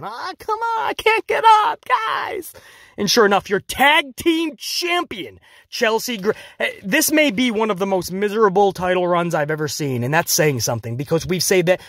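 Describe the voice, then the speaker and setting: A man reviewing a wrestling show in casual solo commentary, animated and jokey, slipping into quick mocking impressions. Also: high voice, dry recording, clean studio sound.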